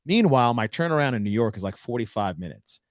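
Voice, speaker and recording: Man telling a lively travel story. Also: medium pitch, fast talker, no echo, studio quality. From United States. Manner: animated storyteller acting out dialogue. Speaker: podcast co-host. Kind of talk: casual storytelling chat.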